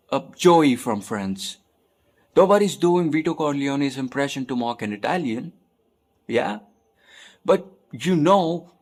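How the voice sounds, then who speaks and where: A man's voice: mid-range voice, vocal fry. A man from India hosting a commentary show, talking in an emphatic, conversational way and asking rhetorical questions. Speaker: host.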